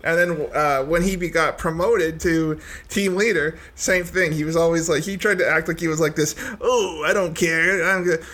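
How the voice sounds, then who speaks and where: A man's voice: on the high side, steady tone, normal speed, hardly any pauses, fairly bright tone. A man with a slightly raised voice spins long, rambling stories in a casual chat. He pokes fun at himself and often laughs as he talks. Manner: rambling storyteller, self-deprecating, laughs often.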